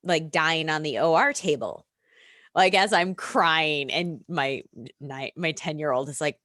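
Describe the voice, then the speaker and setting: A middle-aged American woman, a yoga and reiki practitioner, talking in an unhurried, reflective way and laughing often in casual podcast chat. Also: deep voice, a bit bright, no echo, clean studio sound. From United States.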